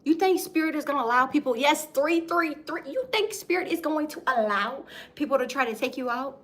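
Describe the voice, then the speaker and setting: Young woman tarot reader, casual and emphatic, slangy delivery, slightly high pitch. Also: a little fast, a bit bright. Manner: slangy, emphatic, keeps asking "okay?". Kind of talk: casual tarot reading to viewers.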